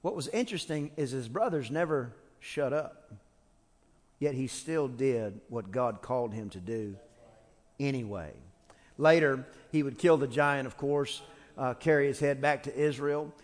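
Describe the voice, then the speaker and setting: A man's voice: medium pitch, measured pace. A man preaching a sermon as pastor, telling a story in a humorous, conversational way with frequent restarts. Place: church sanctuary. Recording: long church-hall reverb.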